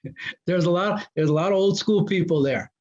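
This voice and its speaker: A man, a former high school football coach, telling old stories as a guest and acting out what people said. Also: brisk. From New Jersey. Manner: animated storyteller who acts out quoted dialogue. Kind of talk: casual storytelling interview. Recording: muffled lo-fi audio.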